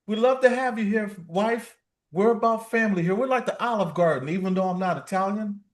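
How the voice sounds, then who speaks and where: A man's voice: sits high, a little fast. A man hosting a casual livestream, playful and reading viewer comments aloud. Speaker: livestream host.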